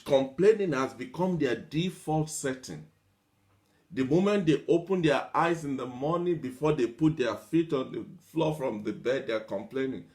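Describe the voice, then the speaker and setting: A man speaking to an audience in a motivational talk, his voice sitting at an ordinary middle pitch. He piles up long lists of everyday examples and repeats phrases for effect. He drops into a whiny voice to mimic complainers and laughs lightly between points. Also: expressive, normal speed, a little mellow.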